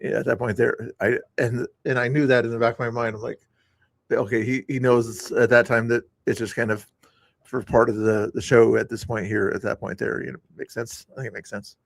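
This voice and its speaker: A man's voice: medium pitch, little pitch movement, a little fast, vocal fry, no echo. Older man, streamer, chatty and self-mocking, dry close sound. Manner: chatty, talks to chat viewers, self-mocking. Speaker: streamer reviewing his own past stream. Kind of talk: rambling live-stream commentary.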